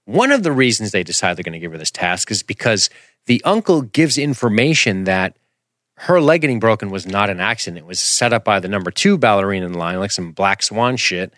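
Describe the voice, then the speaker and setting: Low-voiced guy rambling about a movie on his podcast, jokey, dry close sound. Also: sing-song, a little fast, a bit bright, no echo. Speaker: podcast host. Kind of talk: casual movie review chat.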